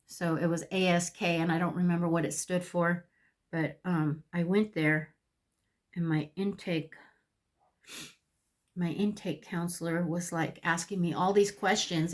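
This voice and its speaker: A woman vlogger telling her own story in a casual, animated, candid way, with plenty of swearing. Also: on the low side. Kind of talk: casual storytelling while getting ready.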